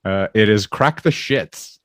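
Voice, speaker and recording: A man's voice: on the low side, animated, measured pace, fairly bright tone, clear, resonant tone, no room sound, studio quality. A man in his thirties hosting a casual podcast, reading items off a list and asking curious questions. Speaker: podcast host. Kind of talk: casual chat.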